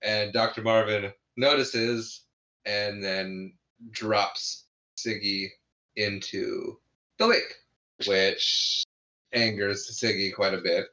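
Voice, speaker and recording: A podcast co-host casually reviews a movie, recapping it scene by scene with frequent restarts and laughter. His voice is on the low side, steady and sharp in tone, and he speaks slowly; the recording has its highs cut off.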